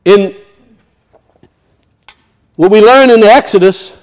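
A high-pitched male preacher delivering a sermon in a lively, animated way. He keeps turning to his listeners with questions and pressing home the point of each verse. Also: takes it slowly. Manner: animated, asks the audience questions.

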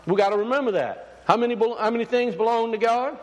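A man's voice: very high-pitched, quick pace. A man preaching to a congregation in a loose, conversational way, full of fillers and restarts, often asking his listeners questions. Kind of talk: sermon. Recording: long hall reverb.

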